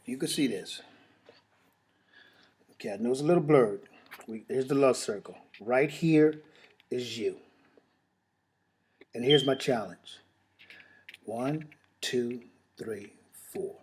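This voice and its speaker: A man giving an emotional, halting testimonial and sales pitch, repeating his phrases and pausing to sigh, as if recorded on a home camera. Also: darkish tone, slight background noise. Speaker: network marketing presenter.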